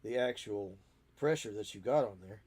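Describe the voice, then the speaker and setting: A man's voice: lowish voice, moderate pace, a little mellow, husky. A man with a stuffy, sniffly nose chatting casually and wryly while building models at home, grumbling about the kit. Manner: wry, self-mocking, grumbles at the kit. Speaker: miniature model hobbyist. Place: home hobby space.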